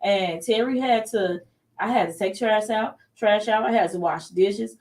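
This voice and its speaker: A woman's voice: mid-range voice, unhurried, darkish tone, recorded from a distance. Female talk host, chatty and emphatic, sits a bit back from the mic. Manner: chatty, emphatic, laughs easily. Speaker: show host. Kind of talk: casual talk show chat.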